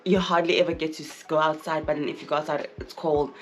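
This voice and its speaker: A woman's voice: sits low, level tone, fast. A young woman from South Africa with a South African accent, talking frankly to camera in a casual vlog and repeating phrases for emphasis. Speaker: vlogger.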